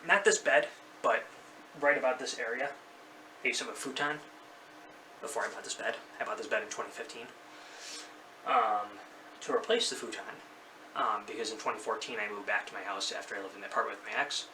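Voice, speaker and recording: A man in his thirties tells a personal story to camera from his bedroom, wandering off track and backing up to fix details. His voice is very bright and sharp. He sits a little back from the mic, with a faint hiss of noise underneath. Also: fairly low pitch, brisk, long pauses. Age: 30s. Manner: rambling, loses track and corrects himself. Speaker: vlogger. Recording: slightly distant mic, faint background noise.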